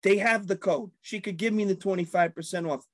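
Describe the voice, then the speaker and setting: A man telling a story to friends in casual chat, animated and acting out loud outbursts. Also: sits high, a little fast, dry recording.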